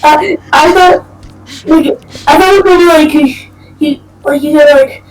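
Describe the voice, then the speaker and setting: A woman bantering in a role-play game, incredulous and exasperated, her pitch a touch high. She sounds far from the mic in an echoey room, with faint music behind her. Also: steady tone, measured pace.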